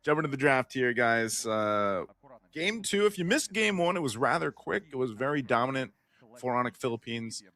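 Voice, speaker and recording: A man's voice: medium pitch, lively intonation, normal speed, fairly bright tone. A man hosting live esports commentary, chatty and upbeat, often laughing with his co-caster.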